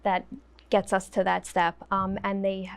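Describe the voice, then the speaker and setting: A woman answering interview questions about her program, earnest and quick to laugh. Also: mid-range voice, completely flat delivery. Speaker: guest, autism program worker.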